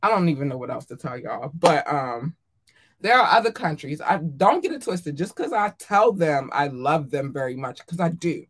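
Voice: mid-range voice, very animated, normal speed, husky. A podcast host in casual solo chat, effusive and affectionate toward listeners, talking with frequent ums and little laughs. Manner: effusive and affectionate, calls listeners darlings and babies.

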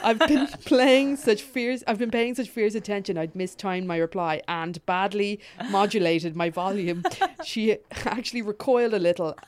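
A woman podcast co-host reads a funny story aloud, laughing often, breaking off to comment, and swearing freely. Her voice is medium-pitched at a normal speed, with few pauses.

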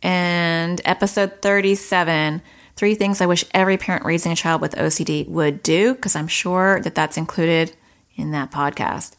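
A woman from New York hosting an educational podcast, explaining points in a direct way with quick asides. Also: lowish voice, fairly even intonation. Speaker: podcast host.

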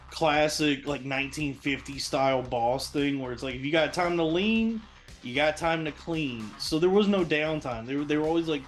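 Rambling, profane man telling a story. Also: on the high side. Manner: rambling, profane, frequent restarts and fillers. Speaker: podcast host. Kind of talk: casual storytelling monologue.

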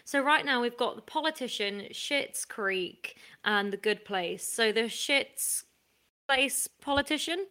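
A woman who is a regular on an improv podcast, riffing in a lively, animated way and playing mock offence. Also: fairly high pitch, a little slow, clear, resonant tone. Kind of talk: casual comedic banter.

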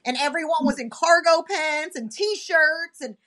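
A podcast co-host with a high, slightly slow voice tells a story in casual chat. She's animated and acts out the voices of the people she quotes.

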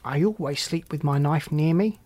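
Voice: medium pitch, moderate pace, a little mellow, close to an everyday voice. A storyteller voicing a wild young robber girl in a storybook reading, with blunt, commanding speech. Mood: bossy.

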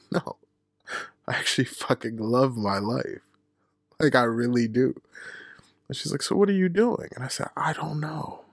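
Gravelly candid man telling a story. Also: mid-range voice, no echo, studio quality. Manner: profane, candid, laughs at himself. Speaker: podcast host. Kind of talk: casual storytelling monologue.

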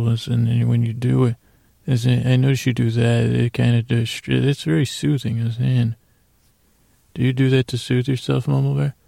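Gravelly and warm, this mid-range male voice belongs to a podcast host giving a casual, playful thank-you segment. He rambles as he thanks his listeners and talks to imaginary creatures, all in a dry recording.

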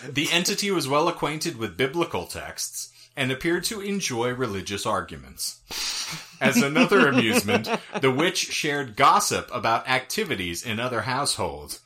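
A man hosting a comedy podcast who reads out a strange history with crude jokes along the way. His voice is bright and forward, and his pitch swings widely as he talks. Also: very animated, moderate pace, few pauses, husky. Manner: reads history aloud with crude joking asides. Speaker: podcast co-host.

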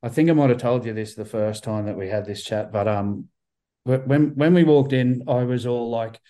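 Rambling man with a mellow voice. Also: on the low side, moderate pace. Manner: rambling, swears often, many restarts. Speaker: band member guest. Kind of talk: casual interview chat. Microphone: video call.

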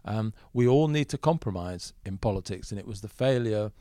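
A man in a podcast interview, answering as a political commentator in a measured, thoughtful way with frequent fillers. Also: on the low side, lively intonation, warm tone, dry recording, studio quality.

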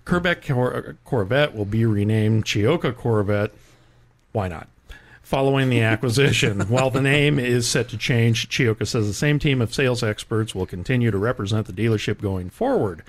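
A man's voice: mid-range voice, moderate pace. A man hosts a car-news podcast, reading headlines in a mid-range voice. He keeps breaking into laughter as he reads, and his tone stays casual and jokey. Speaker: podcast host.

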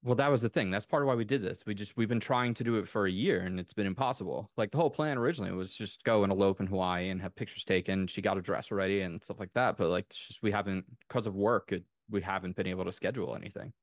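A podcast co-host in his thirties with a fairly low voice, talking in an easy, chatty way. He tells a story with lively, enthusiastic tangents. His voice sounds dry and close to the mic. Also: quick pace, few pauses, dry recording. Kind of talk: casual chat.

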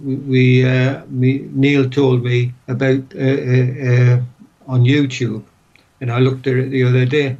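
A man's voice: medium pitch, little pitch movement, measured pace, darkish tone, highs cut off. Older man rambling through old memories. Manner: rambling, many restarts and "what have you". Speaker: former footballer, guest. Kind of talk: casual interview reminiscing.

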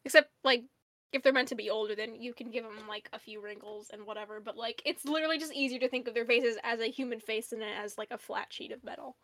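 A woman co-hosting a podcast in casual chat, animated and laughing often, with lots of "like" fillers. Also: a little high, fast talker, no room sound. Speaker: podcast co-host.

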